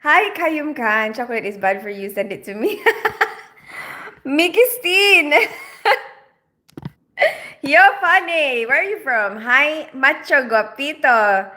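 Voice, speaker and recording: A Filipina livestream host with an accent mixing Filipino and British speaks slowly with frequent pauses, her high voice animated, bright and forceful. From her home, lit for camera, she reads viewers' comments in a casual live chat and laughs often.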